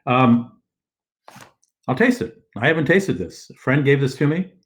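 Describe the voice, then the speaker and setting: An older man hosts a casual travel show from his living room over a video call. He rambles along in a mid-pitched voice, full of fillers and restarts. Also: sing-song, unhurried. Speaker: host. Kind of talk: casual live-stream talk. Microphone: video call setup.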